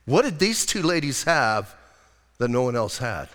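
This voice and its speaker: A male pastor preaching a lively, conversational sermon and acting out quotes as he goes. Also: medium pitch, normal speed, long reverb tail.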